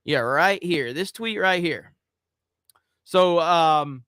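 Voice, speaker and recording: A man's voice: on the high side, takes it slowly, long pauses, a bit bright, clean tone, no echo, clean studio sound. A man hosting a casual commentary show, talking in a sarcastic, mock-earnest way. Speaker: YouTube commentary host.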